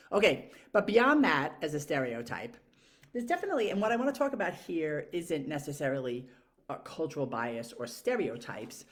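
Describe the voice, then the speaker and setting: Low-voiced woman in a frank monologue. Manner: frank, profane, rambling with fillers. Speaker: vlogger. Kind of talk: casual monologue to camera.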